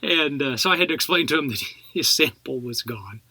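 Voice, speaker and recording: A man's voice: mid-range voice, lively intonation, fairly quick, pushed and bright, no room sound. A middle-aged man from Texas, an actor guest telling casual stories in an interview and laughing as he goes. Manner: chatty, laughs through his stories.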